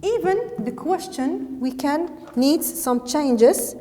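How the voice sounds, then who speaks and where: A woman with a Moroccan accent teaching English grammar to a class. She talks slowly and deliberately, repeats words and slips into French now and then. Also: sits high, animated, mellow, in a large hall.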